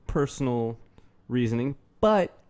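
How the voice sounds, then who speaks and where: A man's voice: medium pitch, lively intonation, unhurried, a little mellow, smooth. A man giving a rambling, casual commentary rant, sardonic and full of swearing. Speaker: YouTube commentator.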